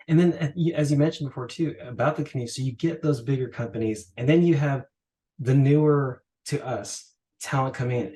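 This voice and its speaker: A man interviewing a guest in a relaxed conversation, asking long, rambling questions. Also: mid-range voice. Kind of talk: casual interview.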